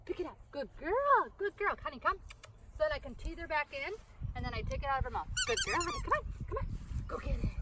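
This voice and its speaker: High-voiced woman training a dog outdoors. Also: animated, quick pace. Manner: upbeat, coaxing commands to a dog between explanations. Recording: distant mic, loud outdoor noise.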